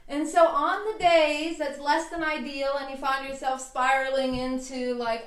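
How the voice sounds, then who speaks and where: A woman's voice: high-pitched, lively intonation, measured pace, few pauses, a bit bright. A woman hosting a self-help vlog, giving casual, enthusiastic advice in a chatty manner. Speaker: herbalist vlog host. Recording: roomy, distant mic.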